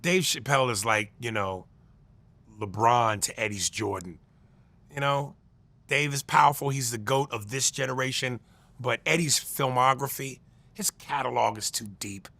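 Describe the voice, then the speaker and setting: A man comedian in a casual interview, talking loud and profane and slipping into accent impressions. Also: medium pitch, moderate pace, creaky, no room sound. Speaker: comedian guest.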